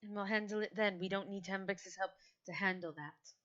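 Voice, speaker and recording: A woman's voice: mid-range voice, fairly even intonation, fairly quick. A woman playing a tabletop game, narrating her character's actions and speaking her lines. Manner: mixes third-person narration with quiet in-character lines. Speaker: player voicing her character Brooke. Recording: dull lo-fi sound.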